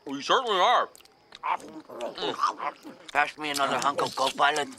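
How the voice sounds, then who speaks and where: An actor playing a cheerful male survivor in a cartoon movie parody, with a bright, chipper delivery. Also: a little high, expressive, moderate pace, background noise, natural voice. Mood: cheery.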